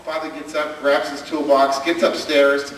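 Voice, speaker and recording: A man's voice: on the high side, unhurried. Man doing stand-up in an echoey hall. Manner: animated storytelling, acting out family members. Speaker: stand-up comedian and speaker. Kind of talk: stand-up storytelling. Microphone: camcorder from the audience. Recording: far-off camcorder in an echoey hall with noise.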